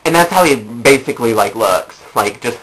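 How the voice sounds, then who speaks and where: A woman's voice: a bass voice, lively intonation, moderate pace, rough recording. A young adult woman telling funny personal stories in a rambling way, with many fillers and repeated phrases. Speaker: vlogger. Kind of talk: comedic personal storytelling.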